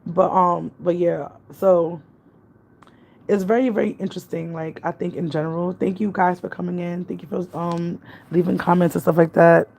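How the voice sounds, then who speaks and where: A woman's voice: on the low side, level tone, normal speed, vocal fry, darkish tone. A woman, chatting casually on a livestream, rambling between thoughts and reading out viewer comments. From Jamaica. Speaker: vlogger. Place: apartment in the city. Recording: faint background noise.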